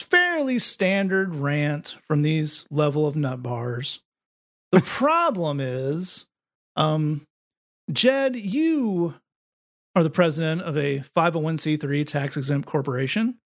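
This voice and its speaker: Talking slowly in a fairly high-pitched voice, this man hosts a laid-back podcast conversation. He mocks with a sardonic edge, giving lively readings of quotes.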